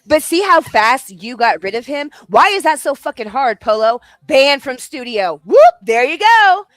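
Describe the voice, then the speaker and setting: Lady host on a late night live, loud swearing rant, bouncy high voice, dry sound. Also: moderate pace, no room sound. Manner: loud, animated ranting, cursing, laughing. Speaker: livestream host. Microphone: home streaming setup.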